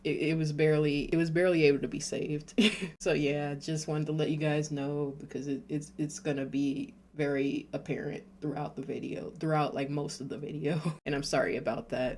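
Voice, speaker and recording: Woman yapping to her channel about a show, laughs a lot, kinda flat voice, keeps restarting sentences. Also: low-pitched, a little hiss or hum. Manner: rambling and giggly, with frequent nervous laughs and restarts. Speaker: YouTube reaction host. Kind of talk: casual reaction-video chat.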